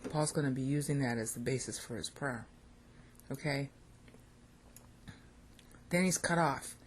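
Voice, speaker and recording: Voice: mid-range voice, measured pace, a little hiss or hum. An American Bible teacher giving an informal lecture on scripture, thinking aloud and checking in with listeners.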